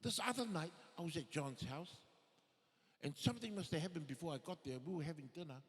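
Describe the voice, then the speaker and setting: A male comedian telling stories as stand-up comedy, lively and acting out the people he quotes. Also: on the high side, quick pace. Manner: animated, acts out quoted voices. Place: live show in an arts and events centre. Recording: reverberant theatre hall.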